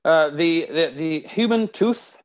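A woman on a comedy panel who delivers her jokes deadpan. Her voice is very low, though her pitch still moves widely. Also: slow pace. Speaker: comedian guest.

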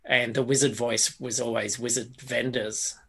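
A man's voice: mid-range voice, level tone, unhurried, gravelly, sharp tone, breathy edge. A man, a game master chatting in an interview, thinking aloud with lots of fillers and restarts. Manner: reflective, rambling, with many fillers and restarts. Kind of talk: casual interview chat.

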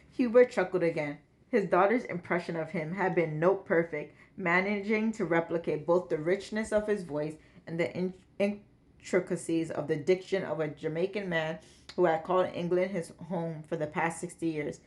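Slightly low-voiced woman reading a story. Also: normal speed, a little mellow. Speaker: book club podcast host. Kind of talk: reading a novel aloud.

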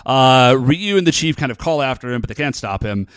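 A man's voice: medium pitch, brisk, clear, resonant tone, no room sound, clean studio sound. A man co-hosting a podcast, chatting casually as he recaps a TV episode with lots of "like" and "uh". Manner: animated, chatty, lots of fillers. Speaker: podcast co-host.

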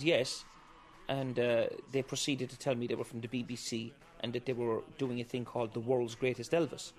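A middle-aged man from County Kerry with an Irish accent, an Elvis tribute performer telling anecdotes and acting out what people said. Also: mid-range voice. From Ireland. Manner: chatty, anecdotal, fond of quoting voices. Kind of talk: storytelling interview.

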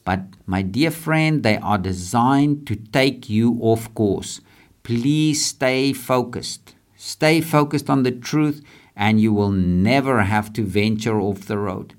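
A man's voice: mid-range voice, slow pace. A man hosting a leadership podcast, talking earnestly and a bit repetitively about faith and purpose. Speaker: podcast host. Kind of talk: casual motivational faith talk.

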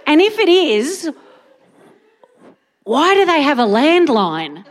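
A woman's voice: high-pitched, big pitch swings, slow, long pauses, a little hiss or hum. A woman doing rambling, self-mocking stand-up comedy on a theatre stage. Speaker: guest comedian. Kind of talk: stand-up set then chat. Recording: live hall, audience present.

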